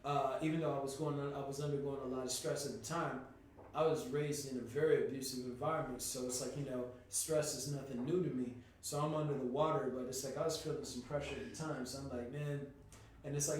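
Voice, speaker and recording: A man telling a personal story on a podcast in a casual, animated way, swearing freely and sometimes rising to a shout. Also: medium pitch. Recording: echoey room, distant from mic, faint noise.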